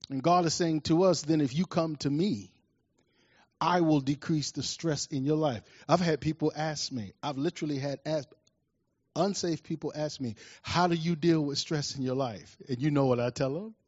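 A man preaches a sermon with a slightly high voice, growing animated and loud as he tells his stories. The sound is dry and a little muffled, with no room echo. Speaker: pastor.

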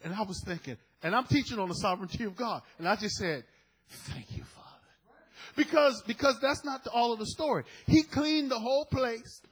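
A middle-aged man preaching a sermon, telling a story with animated quoted dialogue. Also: extremely high pitch, brisk, few pauses, slightly rough, poor audio.

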